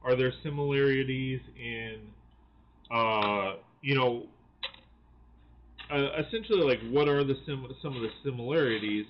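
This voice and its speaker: A man's voice: mid-range voice, a little slow, lo-fi sound, a little hiss or hum. A man from the United States hosting a casual live-stream chat, rambling and restarting his sentences often. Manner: rambling, full of restarts and fillers. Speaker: channel host.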